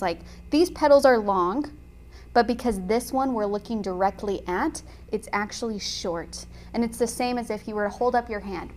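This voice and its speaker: A woman teaching watercolor painting in a chatty, enthusiastic way, often pausing with "um" while she talks. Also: medium pitch, a little mellow, slight background noise. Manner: chatty and enthusiastic, frequent "um" fillers. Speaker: watercolor instructor. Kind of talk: casual tutorial chat while painting.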